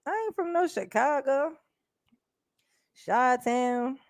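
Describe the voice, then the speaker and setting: A woman doing casual live-stream commentary, blunt and profane, chatting directly with her viewers and breaking into quick laughs. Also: sits high, animated, dry recording, studio quality. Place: indoors at home.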